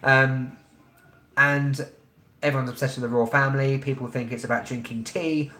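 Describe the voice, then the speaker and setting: A man in his thirties with a London accent hosts a travel live stream, talking bluntly and rambling along with frequent ums. His voice sits at an ordinary middle pitch. The sound carries a roomy echo. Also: steady tone, normal speed, pushed and bright. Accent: London English. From England. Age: 30s. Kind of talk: casual live-stream chat.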